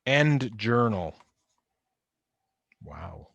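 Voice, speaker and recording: A man teaches chemistry in a recorded online lecture over video call from a home or office, using a computer microphone. His voice is on the low side, extremely slow and creaky, fairly bright, with big pitch swings, and the recording is muffled with no echo. He's conversational, repeats key points, and stresses warnings.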